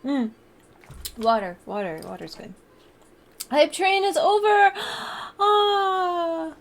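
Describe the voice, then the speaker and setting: A woman with a high, bright-pitched voice chatting on a live stream. She talks slowly and easily, with a bubbly manner full of gasps and little laughs as she thanks her viewers. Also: animated. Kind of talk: casual live-stream chat.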